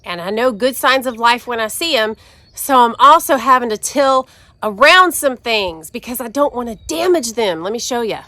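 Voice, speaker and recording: A woman's voice: fairly high pitch, animated, normal speed, bright, forceful tone, no echo. Breathless, chatty woman outdoors. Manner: chatty, folksy, addresses viewers as y'all. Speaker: gardening vlogger. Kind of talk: casual chat to camera. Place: outdoors in a front yard.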